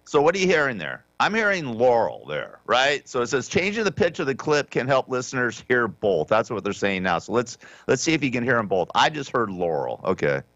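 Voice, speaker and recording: A man's voice: mid-range voice, sing-song, fairly quick, hardly any pauses, a bit bright, highs cut off, a little hiss or hum. A man hosting a talk radio show, rambling through the day's stories in an offhand, sarcastic way with many restarts. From Southern California. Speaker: radio host. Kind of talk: casual talk radio monologue.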